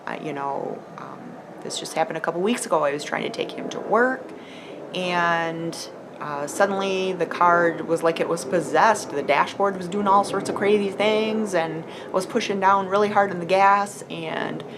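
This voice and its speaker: A woman's voice: fairly low pitch, moderate pace, background noise. Chatty middle-aged woman vlogging. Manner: chatty and earnest, with many fillers and acted-out quotes. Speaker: homeschool mom vlogger. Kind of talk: casual talk to camera.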